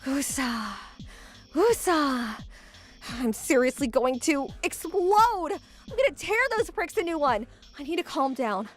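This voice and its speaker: A woman narrating a first-person animated story as its lead, with an exasperated, sarcastic inner-monologue manner. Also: high-pitched, normal speed.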